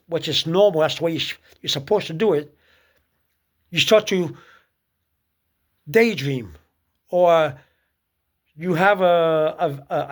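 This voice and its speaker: A man giving casual spoken advice on prayer, halting often with fillers and restarts. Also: high-pitched. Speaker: speaker giving religious advice.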